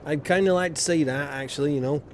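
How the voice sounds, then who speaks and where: Speaking fast in a fairly high voice, this Yorkshireman chats loosely with viewers while streaming a building game, wandering off into small asides as he goes. There is slight background noise.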